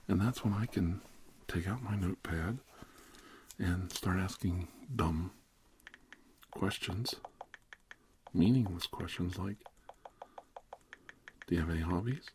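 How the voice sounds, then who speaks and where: A middle-aged man plays a therapist in a whispered role-play. His voice sits very low and moves at an unhurried, slow pace. He rambles casually and keeps slipping from a relaxed speaking voice into soft whispers. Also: slight background noise.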